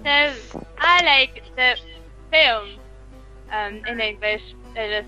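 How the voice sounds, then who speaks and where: A woman's voice: on the high side, very slow, pushed and bright, dull audio, soft background music. A woman taking part in an online English club, searching for words as she talks. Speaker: club participant. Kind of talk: casual chat as an English learner.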